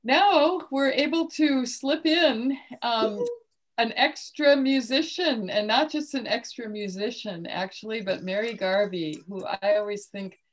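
Female host introducing acts, slightly high voice, appreciative. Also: measured pace. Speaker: event emcee. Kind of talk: introducing performers.

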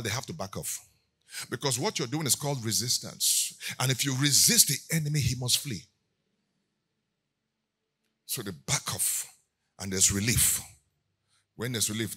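A man preaching a sermon as pastor, moving between quiet teaching and loud shouted declarations. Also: medium pitch, breathy edge.

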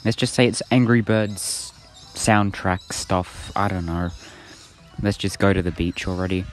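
A man with a low, deep voice talks over his gameplay in a casual, offhand way. His humor is dry and self-mocking, full of deadpan sarcasm about how badly he plays. He sounds like a home video creator chatting loosely to his viewers. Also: a little slow, faint music behind. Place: indoors with birds outside.

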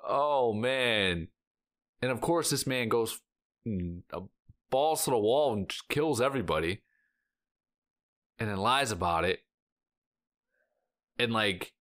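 A man's voice: lowish voice, a bit bright. Rambling man reacting to a show. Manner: rambling, heavy use of filler "like"; emotional, sighing and exclaiming. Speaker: reaction channel host. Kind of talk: casual reaction vlog chat.

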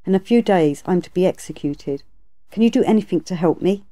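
A woman's voice: fairly low pitch, lively intonation, a little fast, mellow, lightly acted. Woman reading as a pleading young dragon prince. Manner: earnest pleading.

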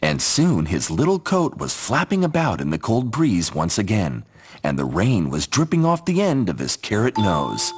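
A man narrating a children's storybook in a gentle, expressive way, with a slightly breathy voice. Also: on the low side, moderate pace.

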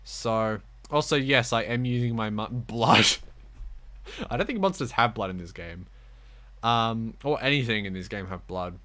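Slow, goofy man streaming a game. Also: on the low side. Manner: rambling, goofy, baby-talks to the game's wolf; swings between soft mumbling and loud excited outbursts. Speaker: gameplay streamer. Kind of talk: casual gameplay commentary.

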